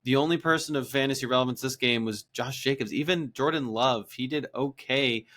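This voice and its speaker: A man's voice: mid-range voice, brisk, a bit bright. A man co-hosting a podcast, recapping fantasy football games in an upbeat, enthusiastic way. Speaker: podcast co-host. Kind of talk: casual fantasy football chat.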